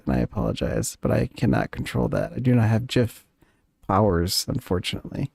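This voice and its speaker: A man narrating as game master, often pausing and correcting himself as he goes. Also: on the low side, very animated, gravelly, a little mellow, breathy edge, no room sound, studio quality. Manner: halting, self-correcting, apologetic.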